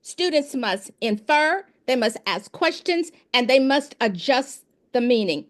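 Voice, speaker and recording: A woman's voice: high voice, measured pace. A woman, a former principal and education expert, telling classroom stories in an informal interview and acting out the dialogue. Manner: animated, acts out dialogue in her anecdotes.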